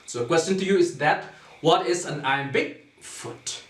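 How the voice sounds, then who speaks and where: A man's voice: on the high side, a bit bright. A man teaching a class on poetic meter, explaining step by step and often asking "okay?" to check that students follow. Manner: slow, repetitive, checks understanding with "okay?". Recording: echoey room, distant mic.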